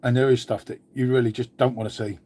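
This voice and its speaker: A man's voice: medium pitch, little pitch movement, fast, warm tone. An English man chatting casually on a live stream, answering viewer comments in a laid-back way and calling everyone mate.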